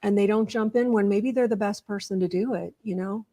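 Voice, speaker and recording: A woman's voice: mid-range voice, a little fast, warm tone. A woman guest on an interview show, earnestly explaining ideas with stories and examples.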